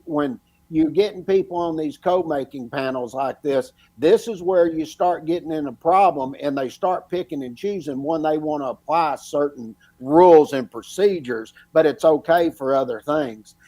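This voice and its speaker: A man's voice: fairly high pitch, normal speed, few pauses, mellow. A man co-hosting a podcast, talking casually and ranting indignantly about double standards. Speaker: podcast co-host.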